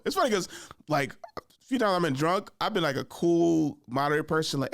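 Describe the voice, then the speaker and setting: A man's voice: on the high side, animated, fast, fairly bright tone, dry recording, studio quality. A young adult man hosting a podcast, telling a casual story in loose, profane, laid-back slang. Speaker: podcast host.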